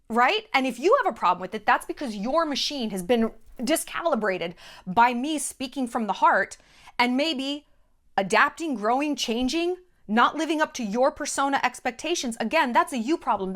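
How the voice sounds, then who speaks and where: A woman's voice: high voice, animated, normal speed, fairly bright tone. A woman hosting her own vlog, talking straight to camera in a blunt, emphatic way, swearing freely and hammering her points with short repeated phrases. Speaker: vlogger host. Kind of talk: direct-to-camera monologue.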